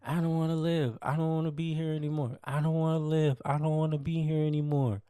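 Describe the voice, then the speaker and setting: A man's voice: fairly high pitch, level tone, brisk, warm tone, clear, resonant tone, dry recording, studio quality, pitched above the performer's own voice, natural voice. Man doing a pleading distraught young woman. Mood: desperate. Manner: pleading, repetitive.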